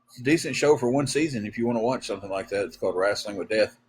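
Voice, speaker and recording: A man hosting a livestream, telling stories in a rambling, halting way with lots of fillers. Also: on the low side, a little hiss or hum. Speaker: livestream host. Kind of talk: casual storytelling chat.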